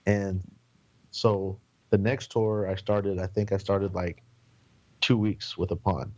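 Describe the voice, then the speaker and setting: A man's voice: deep voice, little pitch movement, slow pace, a little mellow, highs cut off. A man from San Antonio, a podcast guest, telling casual, rambling road stories with plenty of swearing and quoted voices. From San Antonio, Texas. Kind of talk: casual storytelling.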